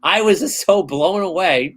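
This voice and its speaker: A man in his thirties hosting a casual podcast chat, telling stories in an animated, excitable way. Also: sits high, a little slow, low-quality recording. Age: 30s. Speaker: host.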